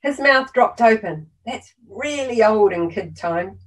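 A woman's voice: a little high, a little slow, far from the mic, poor audio. A woman in her fifties with a New Zealand accent, a children's author giving a lecture and telling anecdotes from school visits. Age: 50s. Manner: storytelling, lively with anecdotes. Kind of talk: prepared lecture read aloud.

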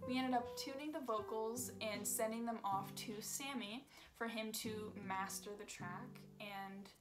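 A young woman narrating her vlog in a candid, self-deprecating way about making a single. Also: on the high side. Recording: music playing underneath.

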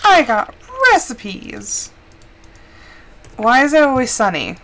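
A woman's voice: fairly high pitch, sing-song, slow, a bit bright, a little hiss or hum. A woman streamer chatting casually while playing a game, rambling with lots of filler words. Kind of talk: casual gameplay chat.

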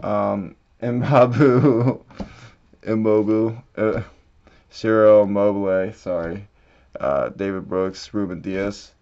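A man with a lowish voice talks slowly through a card pack opening, murmuring each name as he flips, then shouting when a big card turns up. The sound is dull and low-fi. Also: fairly even intonation. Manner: reads card names off quietly, bursts out at big hits. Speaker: card-breaking channel host. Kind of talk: casual pack-opening commentary.

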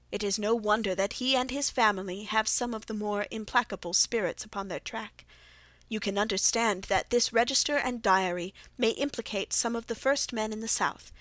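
A woman reading the part of Sherlock Holmes, a sharp male detective, in a measured, grave way in a dry audiobook recording. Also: medium pitch, no echo, lightly acted.

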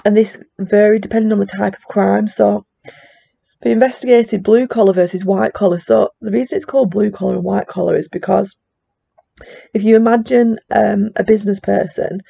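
A woman's voice: medium pitch, steady tone, normal speed, vocal fry, warm tone, slightly rough. A woman with a strong regional English accent gives a chatty classroom lecture, full of fillers and casual asides. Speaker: psychology teacher. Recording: dull, dry lo-fi recording.

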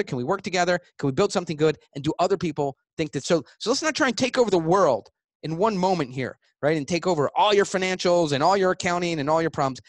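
A man being interviewed as a guest author, talking in a blunt, emphatic way and acting out both sides of sales pitches. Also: dry recording, clean studio sound.

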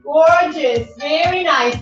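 A woman leading a dance class warm-up, giving calm, encouraging cues that sometimes turn sing-song. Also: sits high, takes it slowly. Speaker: dance instructor. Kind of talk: guided warm-up class instruction. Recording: far-off echoey room, dull sound, music behind.

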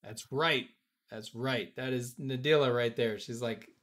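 A man's voice: medium pitch, a little slow, a bit bright. A man hosting a live-stream auction, joking with bidders and counting down bids. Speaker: auction host.

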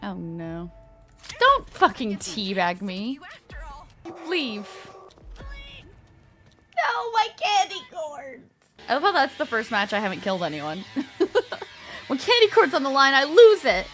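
A woman giving playful, excitable gameplay commentary, swearing freely and shrieking at the game. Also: sits high, slow pace, pauses often, faint music behind. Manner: playful sing-song greetings to other players. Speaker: gaming video creator.

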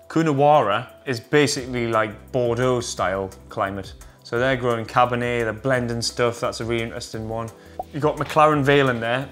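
A Geordie man hosts a relaxed wine video, chatty and full of slang, at a middling pitch. Faint music plays softly behind his voice. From North East England. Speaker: wine vlogger. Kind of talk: casual wine explainer.

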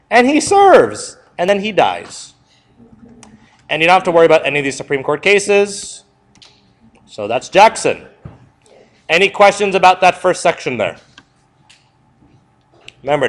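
Lively male teacher quizzing a class. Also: a little high, low-quality recording. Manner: lively, asks the class questions and answers them himself. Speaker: history teacher. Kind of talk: classroom review lecture.

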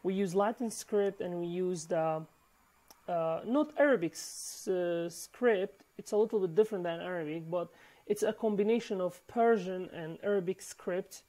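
A woman whose first language is Kurdish, teaching a language lesson in halting English full of fillers, repeating each word for practice. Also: fairly low pitch, warm tone. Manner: halting, many fillers and restarts. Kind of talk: recorded online lesson.

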